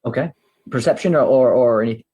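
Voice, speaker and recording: Husky man thinking aloud at the game table. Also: mid-range voice, fairly quick, dark tone. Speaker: player. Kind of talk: casual game chat.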